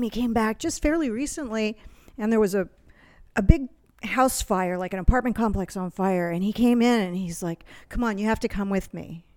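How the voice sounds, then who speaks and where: A woman's voice: medium pitch, darkish tone, clean tone. A woman in a group, sharing a personal dream story in a hesitant way, with fillers. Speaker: group participant.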